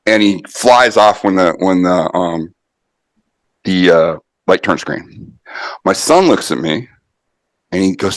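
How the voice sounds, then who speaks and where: Middle-aged man telling a story, lowish voice. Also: slow pace, pauses often, no echo. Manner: animated anecdote-telling with many fillers and restarts. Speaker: podcast guest, martial arts author. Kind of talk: conversational storytelling.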